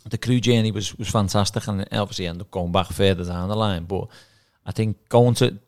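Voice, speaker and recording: Fast-talking, low-voiced ex-footballer telling stories. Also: male voice, darkish tone. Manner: chatty anecdotes, acts out quoted dialogue. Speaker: guest, ex-footballer and manager. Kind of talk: casual podcast storytelling.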